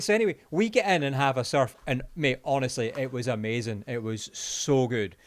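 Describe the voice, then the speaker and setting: This Scottish podcast co-host, in his forties, tells a lengthy story in casual conversation, swearing, laughing and staying animated. He speaks in a mid-range voice, fairly quickly and with few pauses.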